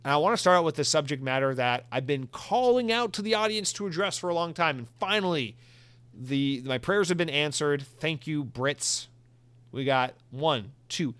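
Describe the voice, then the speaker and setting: A man's voice: a little high, moderate pace, clean tone, no room sound. A man hosting a solo gaming news podcast, chatty and joking, slightly out of breath. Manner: chatty, joking, animated asides. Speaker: podcast host.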